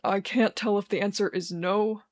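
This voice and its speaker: A dry, skeptical young man with a wry, deadpan way of teasing, read by a woman in her own low-key voice. He sounds unimpressed yet fond, in a storybook reading. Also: normal speed, no echo, close to an everyday voice. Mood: tired.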